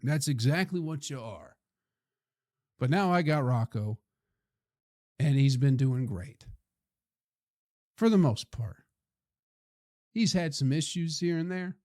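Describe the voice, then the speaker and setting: A man's voice: a little high, animated, slow, long pauses, darkish tone, dry recording, studio quality. A young man hosting a podcast, telling a rambling, profane, exasperated comic story. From Flint, Michigan. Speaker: podcast host, comedian.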